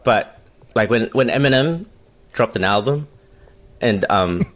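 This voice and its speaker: A man's voice: medium pitch, expressive, unhurried. A man co-hosting a casual podcast chat, rambling loosely and laughing through his own stories. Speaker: podcast co-host.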